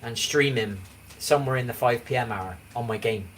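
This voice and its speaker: Picked up by a distant mic over faint background noise, this Englishman in his forties rambles through a casual livestream chat, often checking whether you know what he means. He speaks with an English accent at a moderate pace, in a medium-pitched, fairly bright voice.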